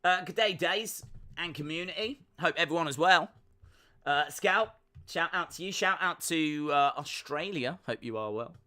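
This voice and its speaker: Bright-voiced man hosting a live stream. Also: on the high side, lively intonation, normal speed. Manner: chatty, jokey, rambling asides. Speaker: watch-along stream host. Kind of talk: live stream commentary reading chat.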